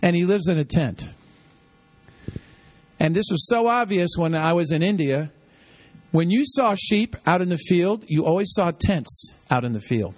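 High-voiced man preaching slowly. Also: big pitch swings. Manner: call-and-response teaching, repeating lines for the congregation. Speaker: pastor. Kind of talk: sermon.

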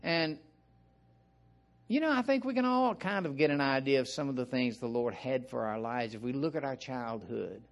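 An older man with a Southern American accent, preaching an informal sermon in a folksy, rambling way with frequent asides and throat clearing. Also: mid-range voice, lively intonation, normal speed.

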